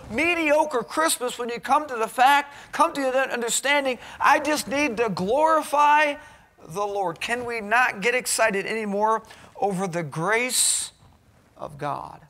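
A man's voice: high voice, pushed and bright. A man preaching a sermon in a college chapel, earnest and exhorting, pressing his points with rhetorical questions.

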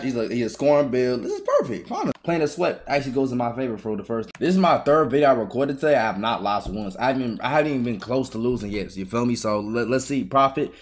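A man giving live, trash-talking commentary over his own gameplay, excitable and full of swearing. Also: medium pitch. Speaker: gaming YouTuber.

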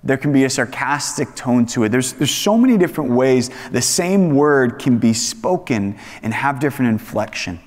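Man, Bible study teacher, mid-pitched voice, animated sermon, long hall reverb. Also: normal speed, hardly any pauses. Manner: animated, acts out voices in examples.

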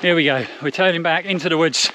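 A man's voice: a little high, fast talker, bright, forceful tone, slight background noise. A man recording an upbeat, chatty vlog outdoors on mountain trails as he runs a race. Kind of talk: on-the-run vlog commentary.

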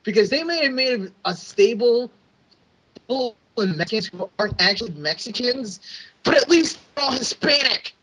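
A man's voice: very high voice, animated, moderate pace, fairly bright tone, slightly rough, poor audio. A man co-hosting a podcast, ranting sarcastically and swearing in casual chat. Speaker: podcast co-host.

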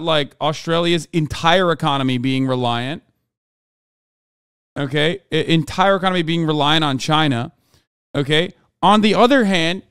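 Dude streamer ranting about politics, swears a lot, smooth voice, dry close mic. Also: male voice, a little high, no room sound. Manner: animated, profane, reads chat aloud. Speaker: streamer reacting to news. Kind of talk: casual political commentary.

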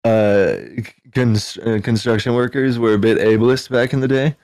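An American man speaking as a podcast guest, calm and matter-of-fact, with a dry sense of humor. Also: mid-range voice, moderate pace, dry recording. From United States. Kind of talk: casual chat.

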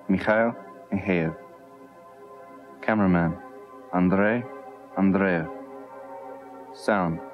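A man giving scripted documentary narration in a slow, solemn way. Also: deep voice. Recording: dull lo-fi audio with music behind.

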